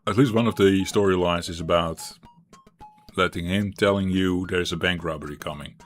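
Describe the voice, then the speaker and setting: Very deep-voiced streamer rambling. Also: male voice, steady tone, moderate pace, faint music behind. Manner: rambling, thinking aloud with many restarts. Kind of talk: live-stream gameplay chat.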